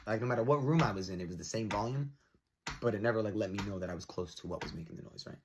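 A man telling a spooky story in an animated, profane way, acting out the noises. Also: lowish voice, fast. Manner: excited, profane, imitates noises, shouts for effect. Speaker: storyteller in a played clip. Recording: noisy clip audio with clicks.

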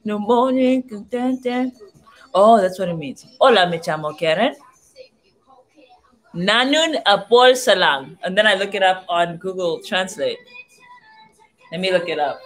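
Slow-talking playful young woman vlogger. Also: on the low side, lively intonation. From southern Africa. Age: young adult. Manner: playful, sounds out foreign phrases slowly. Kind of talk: casual livestream chat. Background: faint music playing.

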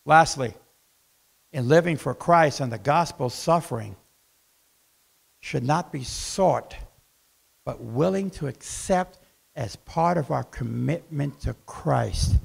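A man preaching a sermon as pastor in a church, swinging between loud outbursts and hushed asides and acting out voices in quoted dialogue. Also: medium pitch, animated, takes it slowly, creaky, long pauses, slightly rough.

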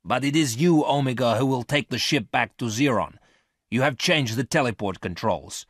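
A man's voice: mid-range voice, normal speed, no echo, studio quality, voice pushed up, close to an everyday voice. A man reading aloud, voicing a hard, impatient man who carries a laser gun, blunt and scornful.

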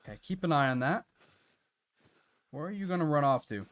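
A chatty male game streamer talking his viewers through a hunt. His voice sits a little high and swings widely in pitch, jumping up when something surprises him. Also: expressive, a little fast. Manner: chatty, reacts loudly with laughs and gasps. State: out of breath at times. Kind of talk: live gameplay commentary.

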